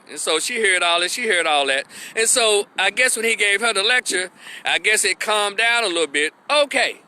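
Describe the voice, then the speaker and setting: A man's voice: high voice, fairly quick, poor audio. A man telling a story in a casual vlog, talking animatedly and swearing freely. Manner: animated, profane, chatty. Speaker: vlogger.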